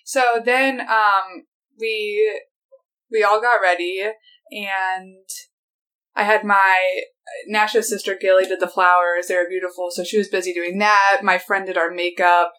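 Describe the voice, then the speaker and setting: A woman with a mid-range voice and a Southern American accent tells a personal story in a podcast chat. She speaks softly and hesitantly, often pausing on small fillers. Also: mid-range voice, steady tone, smooth, low-quality recording. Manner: soft-spoken, hesitant, many fillers. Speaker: podcast guest, bride. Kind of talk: casual storytelling.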